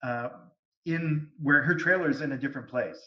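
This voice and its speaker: A man speaking as a guest medium, telling stories in an animated way over a video call. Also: on the high side, moderate pace. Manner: animated, lively storytelling. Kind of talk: storytelling interview. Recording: distant, echoey, dull sound.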